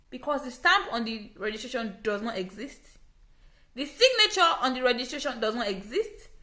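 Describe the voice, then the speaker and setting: Bright-voiced Nigerian woman, echoey room. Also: a little high. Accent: Nigerian English. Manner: earnest, emphatic, repeats phrases for stress. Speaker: vlogger. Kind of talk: personal storytelling to camera.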